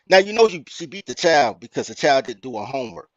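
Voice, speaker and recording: A man with a Chicago accent, hosting a podcast and telling a story in a blunt, profane, animated rant. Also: mid-range voice, fast, dry recording. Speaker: podcast host. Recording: dry, muffled lo-fi audio.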